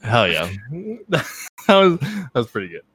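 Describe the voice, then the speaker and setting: A man in casual comedic banter who laughs often, swears casually and breaks into shouted impressions. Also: a little high, wildly swooping pitch, a little slow, slightly rough, no echo.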